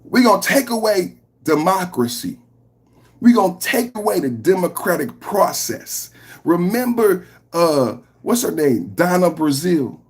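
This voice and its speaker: A man hosting a live political reaction stream, talking in an animated, mocking way that swings from low mutters to shouts. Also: unhurried. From San Francisco Bay Area. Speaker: livestream podcast host.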